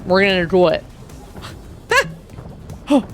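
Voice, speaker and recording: A woman's voice: fairly low pitch, wildly swooping pitch, very slow, fairly bright tone, soft background music. A woman streaming a video game, commenting live and often exclaiming and squealing as she plays.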